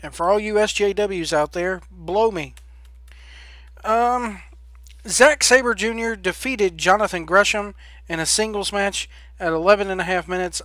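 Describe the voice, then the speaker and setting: A man's voice: high voice, bright, forceful tone, no room sound, clean studio sound. A man hosting a wrestling podcast, giving blunt, sarcastic opinions in a casual rant, full of ums and restarts. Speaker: podcast host.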